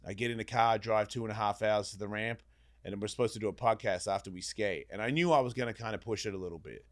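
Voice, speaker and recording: On a podcast, a man with a lowish voice and quick pace spins a long personal tale conversationally. He's animated, curses liberally, and performs the voices from his story.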